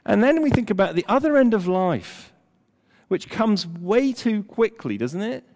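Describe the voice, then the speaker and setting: An older man preaching a sermon, emphatic, at times dropping almost to a hush. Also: sits high, unhurried, slight background noise. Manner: animated, emphatic preaching with dramatic drops to near-whisper. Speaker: pastor. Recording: long hall reverb.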